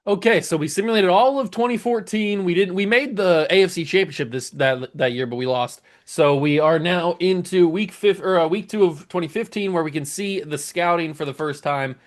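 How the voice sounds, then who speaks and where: This young host of a gaming channel has a high-pitched voice and a moderate pace, barely pausing as he talks. In casual commentary, he laughs while reading off unusual player names.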